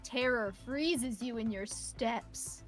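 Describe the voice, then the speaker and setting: Bright high girl streamer doing dramatic game narration, music faint behind. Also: slow. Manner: dramatic read-aloud, playful. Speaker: streamer reading a game aloud. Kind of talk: reading game narration with chat.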